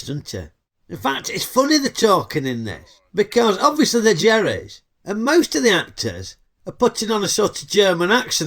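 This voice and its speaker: Full of Yorkshire dialect banter, this comedic film review is hosted by a chatty, cheeky middle-aged man with a Northern English accent. His high voice swings hugely in pitch at a moderate pace.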